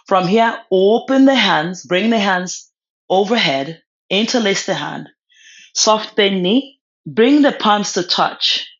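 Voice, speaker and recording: A woman leading a yoga class, giving short calm cues for poses and breathing with a word of encouragement now and then. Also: lowish voice. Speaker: yoga instructor. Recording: slightly dull lo-fi sound.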